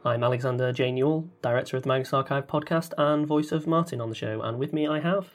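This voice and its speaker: A man hosting a question session, reading out questions in a measured, steady way. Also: mid-range voice. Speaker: podcast director and interviewer.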